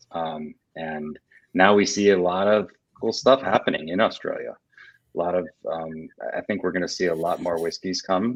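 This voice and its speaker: Low-voiced man, relaxed and rambling. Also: dry recording, highs cut off. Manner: relaxed, rambling with many fillers and restarts. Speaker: guest, whiskey portfolio director. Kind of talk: casual video-call interview.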